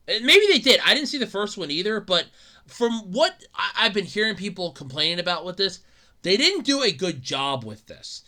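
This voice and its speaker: A man talks alone on his podcast in a loose, rambling way, stumbling over restarts and circling back to the same point. His voice sits a little high and very bright, and it swings up and down freely. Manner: rambling, repeats himself, stammering restarts. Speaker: podcast host. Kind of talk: casual solo podcast rant.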